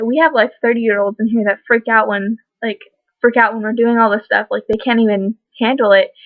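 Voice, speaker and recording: A woman's voice: mid-range voice, no echo. A young woman telling a long personal story in a casual vlog, rambling with lots of fillers. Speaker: vlogger. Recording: dry tinny phone-like sound.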